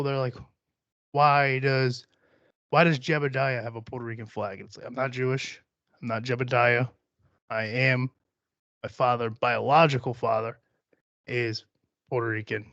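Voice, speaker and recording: A man's voice: mid-range voice, fairly bright tone, no echo, muffled recording. A young man hosting a solo podcast, rambling and joking with plenty of profanity. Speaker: podcast host.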